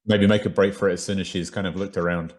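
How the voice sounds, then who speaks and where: A man with a low voice plays a tabletop game. He is laid-back and casual, often breaking into laughter. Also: fairly even intonation, fast talker, darkish tone. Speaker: player.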